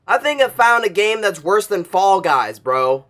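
A man commentating his own gameplay, cursing loudly in bursts and dropping to anxious muttering in between. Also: high-pitched, very animated, unhurried, hardly any pauses, noisy background. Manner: profane, swings from explosive yelling to anxious muttering. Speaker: gaming channel host.

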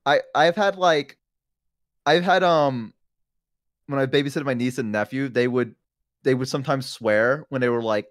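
A man with a Southern US accent, a streamer chatting casually and telling profane, animated stories. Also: medium pitch, moderate pace, long pauses, dry recording, clean studio sound. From Southern United States. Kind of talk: casual group chat.

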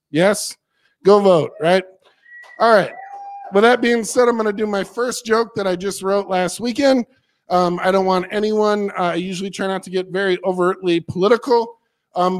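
A young man doing a rambling, self-deprecating stand-up set in a comedy studio, sounding a bit tipsy. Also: high-pitched. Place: comedy studio with live audience.

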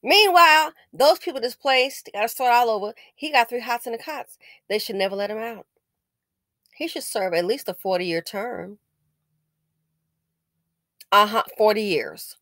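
A woman's voice: on the high side, moderate pace, pauses often, a bit bright, dry recording, studio quality. A woman giving casual news commentary, indignant and scolding, with sarcastic exclamations.

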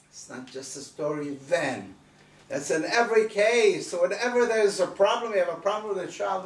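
High gravelly-voiced rabbi preaching emphatically. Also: male voice, lively intonation, a little slow. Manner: emphatic, repeats rhetorical questions. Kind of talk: sermon. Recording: roomy distant recording, faint noise.

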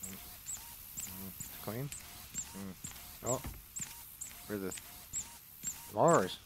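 A man's voice: lowish voice, extremely slow, background noise. A man doing casual let's-play commentary, joking, rambling and reading in-game notes aloud. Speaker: gameplay commentator.

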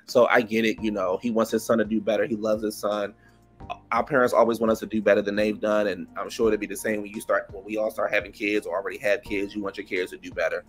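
Animated gossipy man with a DMV accent. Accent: DMV (Washington DC area). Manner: animated and gossipy, laughing often, big jumps in pitch when acting out others. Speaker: reality TV recap host. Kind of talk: casual chatty episode review.

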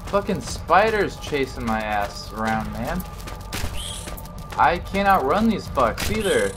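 A man's voice: medium pitch, big pitch swings, takes it slowly. A man commenting on a horror game he is playing, frustrated and sarcastic and swearing often. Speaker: gaming video host. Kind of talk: let's play commentary. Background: game music.

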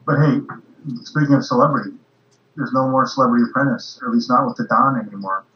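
A man's voice: medium pitch, fairly even intonation, quick pace, pushed and bright. Wry middle-aged man, roomy lo-fi sound. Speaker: podcast host. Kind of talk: casual political chat.

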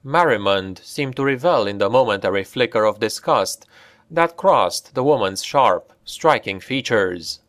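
Slow, deliberate male fantasy narrator. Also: fairly low pitch, lively intonation, fairly bright tone, no room sound, studio quality. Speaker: audiobook narrator.

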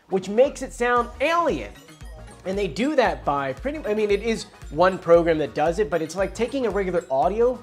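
A woman hosting her channel, explaining in a casual, enthusiastic, chatty way. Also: mid-range voice. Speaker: channel host.

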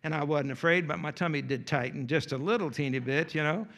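A man's voice: on the high side, fairly quick, fairly bright tone. A male pastor, preaching a sermon and telling a folksy, humorous story with playful asides.

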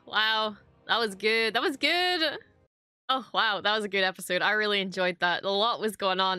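A young woman hosting a reaction video, talking excitedly and swearing often as she reacts to a TV episode. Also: medium pitch, smooth, dry recording.

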